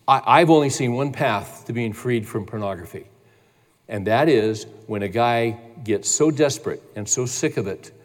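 A man preaches a sermon as pastor in a medium-pitched, darkish voice, earnest and emphatic. His intensity builds as he urges his listeners on, with long hall reverb around him.

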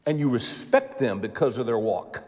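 A man's voice: medium pitch, expressive, normal speed, darkish tone, in a large hall. A man in his seventies preaching a sermon in a folksy, conversational way, repeating phrases for emphasis. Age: 70s.

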